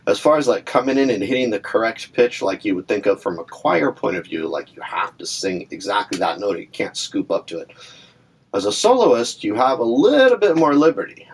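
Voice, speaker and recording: This ukulele teacher has a lowish, expressive voice and a brisk pace, and there's a little hiss or hum on the recording. He chats casually through examples, filling in with asides and fillers, and plays between phrases.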